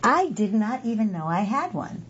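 A woman reading a magazine aloud, describing its photos and pausing to correct herself with small fillers. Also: medium pitch, big pitch swings, fairly bright tone, dull audio, soft background music. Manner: slow, careful reading with hesitant fillers and self-corrections.

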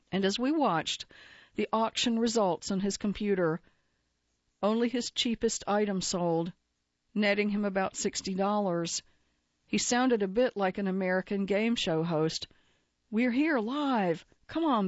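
A woman reading a magazine feature aloud as a narrator, in an even, measured way. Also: mid-range voice, dry recording, lo-fi sound.

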